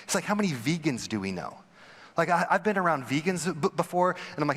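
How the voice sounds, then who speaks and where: A young adult man, a pastor giving a conversational sermon, who acts out quoted people with sudden jumps in pitch. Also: animated, fast talker, a bit bright. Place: church sanctuary. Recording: long hall reverb.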